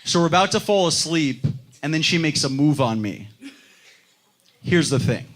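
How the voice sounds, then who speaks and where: A young man doing a stand-up comedy set on a club stage, telling self-mocking stories with animated delivery. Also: fairly high pitch, moderate pace. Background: audience laughter.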